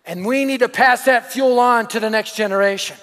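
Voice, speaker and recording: A middle-aged male pastor preaching a sermon, telling stories with lively swings between shouted lines and hushed asides. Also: very high voice, fairly quick. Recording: long hall reverb.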